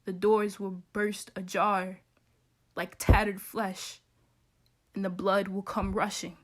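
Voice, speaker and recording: Young woman poet, grave and measured, keeps a level flat tone. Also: mid-range voice. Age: young adult. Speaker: spoken word poet. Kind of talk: spoken word poetry.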